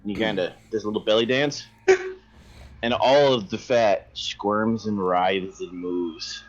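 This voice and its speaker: Guy gm narrating a tabletop game, lowish voice, kinda muffled lo-fi mic, soft music behind. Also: measured pace. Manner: descriptive, rambling, self-correcting. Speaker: game master. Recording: dull lo-fi mic with faint music.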